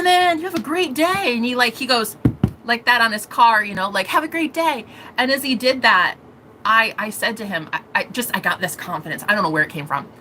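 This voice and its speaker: Woman, vlog storytelling, emotional and rambling, bright tense voice, slight hiss. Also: mid-range voice, low-quality recording. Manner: emotional, rambling, swears freely. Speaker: vlogger.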